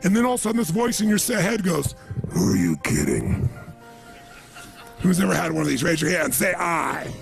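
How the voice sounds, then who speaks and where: Gravelly raspy guy fired up at a seminar, high voice, keeps quizzing the crowd. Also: lively intonation, rapid-fire, hardly any pauses, soft background music. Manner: emphatic, calls out questions for the crowd to answer. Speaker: motivational speaker. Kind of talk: motivational seminar talk to a live audience.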